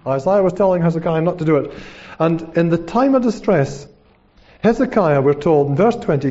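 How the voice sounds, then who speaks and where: A man preaching a sermon with a mellow, warm tone that sits a little high for a man. He keeps it conversational, checking in with a questioning "hmm?" and throwing himself into the quotes. The recording is dull and lo-fi. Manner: dramatic retelling with acted-out quotes.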